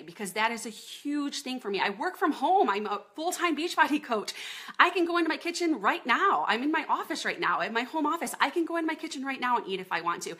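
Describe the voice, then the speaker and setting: A woman's voice: on the high side, pushed and bright, slightly rough. A woman in her thirties, a fitness coach chatting casually on a live video from her home office, greeting viewers by name as she talks.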